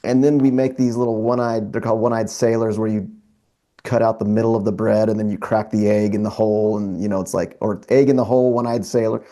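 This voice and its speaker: A middle-aged man co-hosting a casual podcast chat, telling an animated story as a father, with frequent restarts. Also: lowish voice, quick pace. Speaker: podcast co-host.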